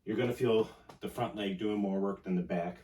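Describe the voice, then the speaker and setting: Male fitness instructor talking through reps, low voice, distant echoey room sound. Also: fairly even intonation, moderate pace, mellow. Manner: coaching, talks while exercising. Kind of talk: casual workout instruction. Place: indoor home room.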